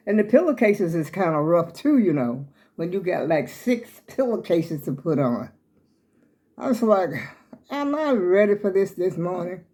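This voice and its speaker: A woman's voice: fairly low pitch, dark tone. An older woman vlogging casually from her home, chatty and folksy, a little out of breath as she calls her viewers y'all.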